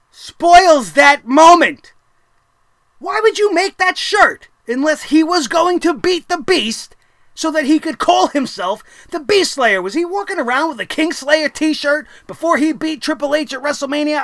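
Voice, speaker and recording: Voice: high voice, fairly bright tone, no echo. A wrestling show host ranting in a blunt, profane and exasperated way, firing off sarcastic rhetorical questions. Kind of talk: opinionated wrestling review rant.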